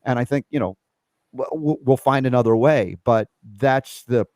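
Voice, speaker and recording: A man's voice: normal speed, no room sound. Earnest man talking about faith. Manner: earnest, reflective, animated with pitch jumps. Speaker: host. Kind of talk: casual spiritual conversation.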